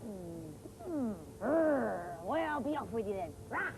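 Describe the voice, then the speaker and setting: A woman's voice: a little high, sing-song, slow, music in the background, full character voice, rough recording. A woman voicing a scary, ugly, hungry troll for children's TV storytelling, with growls and roars between lines. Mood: growling, hungry.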